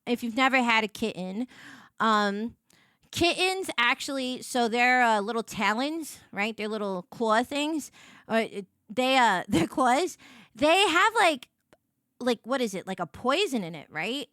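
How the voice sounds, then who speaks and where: Bubbly high-voiced woman streamer. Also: dry recording, clean studio sound. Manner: bubbly, excitable, rambling with many "like"s; squeals over cute things. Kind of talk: casual live-stream chat.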